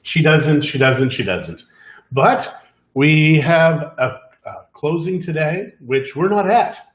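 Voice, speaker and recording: A man co-hosting a casual live-stream chat, joking and teasing through relaxed banter. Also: a little high, takes it slowly, roomy sound. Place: home in Mexico.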